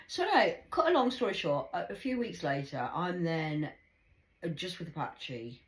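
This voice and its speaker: English woman in her middle years rambling a story, low voice, swears a lot, goes whispery then loud. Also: sing-song, moderate pace, slight background noise. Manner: swearing, drops to hushed whispers, bursts into loud high impressions.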